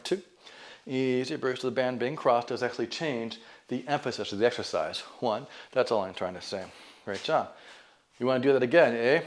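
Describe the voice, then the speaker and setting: A man leading a stretch band exercise class, calmly counting down reps and cueing deep breaths. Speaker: fitness instructor. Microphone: camera mic.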